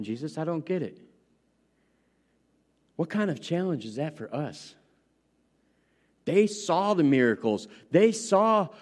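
A middle-aged man preaching a sermon, retelling scripture in a casual, storytelling way. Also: sits high. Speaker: pastor.

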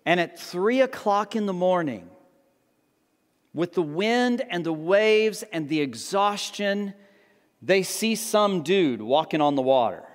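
Speaking slowly with lively intonation, a man with a high-sitting voice preaches conversationally, reading and explaining the story while acting out its characters, including the disciples' voices. His voice carries a long reverb tail.

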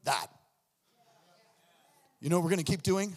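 A man preaching a sermon as a pastor, loud and impassioned, often shouting. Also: fairly high pitch, expressive, a little slow, long pauses. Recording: long hall reverb.

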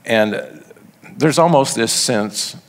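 A preacher with an expressive, medium-pitched voice speaks slowly in a large hall. He reads passages of scripture, then unpacks each one in a conversational manner.

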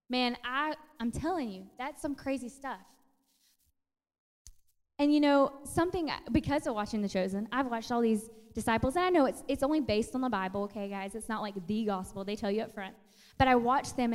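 A woman in her thirties delivers a casual sermon, storytelling in a chatty, animated way. Her voice sits high, and the recording carries a long hall reverb. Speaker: preacher.

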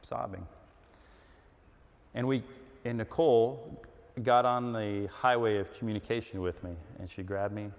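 Middle-aged man, sermon, animated, emphatic, acts out dialogues, long hall echo. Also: lowish voice, unhurried, pauses often.

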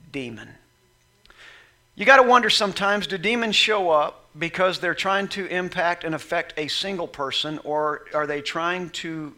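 A man preaching a sermon, reading scripture and acting out the scenes, moving from quiet reading to loud, shouted lines. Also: fairly high pitch. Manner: acts out Bible scenes in voices, swings from soft reading to shouting. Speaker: pastor.

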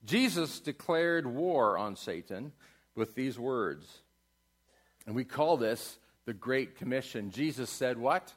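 A man preaching a sermon in a church, asking his congregation questions and building to loud climaxes. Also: medium pitch, lively intonation, slow. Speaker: pastor. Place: church sanctuary.

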